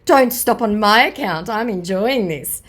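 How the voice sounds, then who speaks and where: A woman's voice: mid-range voice, animated, unhurried, fairly bright tone, pitched above the performer's own voice. A woman voicing a young male online scammer, taunting and cackling as she reads his messages aloud. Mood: mocking.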